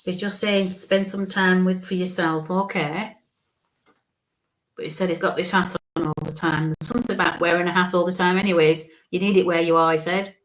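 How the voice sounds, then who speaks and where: A woman with a lilt gives a live psychic reading in a soft, reassuring manner. She keeps checking in with a gentle "okay?" as she passes on messages. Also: fairly low pitch, fairly even intonation, a little fast. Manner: gentle, reassuring, often ends phrases with "okay?". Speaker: psychic medium.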